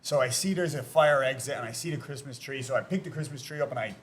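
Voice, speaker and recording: A man's voice: medium pitch, fast, slight background noise. A man telling rambling bar stories in a casual podcast chat, full of restarts and filler words. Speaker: podcast guest.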